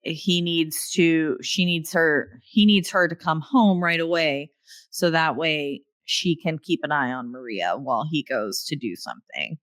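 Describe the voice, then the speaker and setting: A woman's voice: low-pitched, measured pace, fairly bright tone, dry recording, clean studio sound. A woman co-hosting a podcast, casually recapping a horror film plot with fillers and little acted-out lines. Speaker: podcast co-host.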